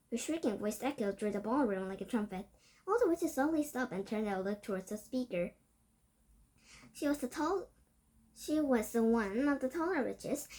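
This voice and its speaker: A woman reading a children's novel aloud, with steady narration and occasional slips over words. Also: fairly high pitch. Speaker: storybook reader.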